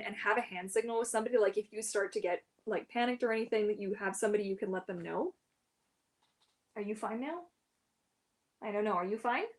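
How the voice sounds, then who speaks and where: A woman hosting a casual live Q&A as a mermaid performer, chatty and giggly, with lots of "like" and "um". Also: mid-range voice. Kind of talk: casual livestream Q&A.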